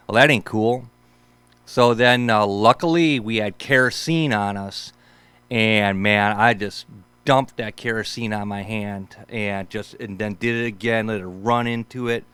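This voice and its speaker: This host, a man in his fifties, has a lowish, slightly bright voice, recorded cleanly with no echo. He tells rambling, casual stories in a laid-back way, sprinkling in "man" and "for sure."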